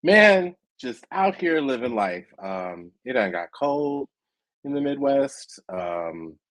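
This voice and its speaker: A man's voice: mid-range voice, big pitch swings, slow, a bit bright, no echo. A man in his forties co-hosting a casual sports podcast, speaking in a laid-back, easygoing way. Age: 40s. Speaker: podcast co-host.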